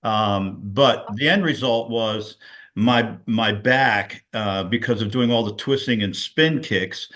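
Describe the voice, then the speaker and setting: A man's voice: on the low side, slow, fairly bright tone. A middle-aged man recounting a personal story on a video call, rambling, with many fillers. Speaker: guest sharing a personal story. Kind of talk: casual testimonial on a video call.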